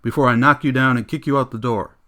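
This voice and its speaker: A man voicing Montag, a shaken male fireman, reciting verse slowly and later shouting. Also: medium pitch, steady tone, close to an everyday voice. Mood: furious. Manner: measured poetry recital, then shouted commands.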